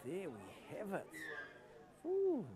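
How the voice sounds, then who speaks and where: A man commentating a live touch rugby match, chatty and quick to laugh. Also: a little high. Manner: chatty, laughing, excitable calls. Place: outdoor sports field. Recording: outdoor crowd noise.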